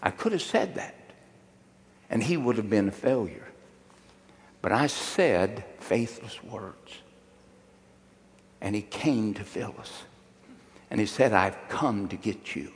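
A man's voice: fairly low pitch, expressive, slow, pauses often. Older preacher man in a reverberant hall. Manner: folksy, humorous, call-and-response with congregation. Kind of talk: sermon with storytelling.

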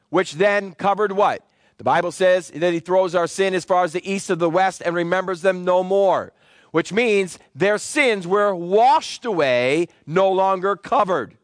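A man preaching a teaching sermon in a fairly high voice, walking through scripture verse by verse. He has his congregation repeat key terms back to him. The sound is dry and close, with little room echo. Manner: call-and-response with the congregation; explanatory, citing scripture verses. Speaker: pastor.

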